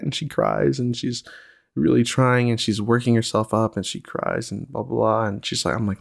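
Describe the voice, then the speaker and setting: A young adult man hosting a casual solo podcast, reflective and relaxed, with many ums and you-knows. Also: lowish voice, brisk, vocal fry, no echo, clean studio sound. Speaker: podcast host, single father.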